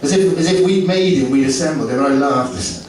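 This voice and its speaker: A man's voice: on the high side, big pitch swings, a little fast, slight background noise. A man performing stand-up comedy, working the crowd and acting out both sides of his stories with animation. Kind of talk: stand-up set with crowd work. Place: comedy club. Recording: echoey club from far off.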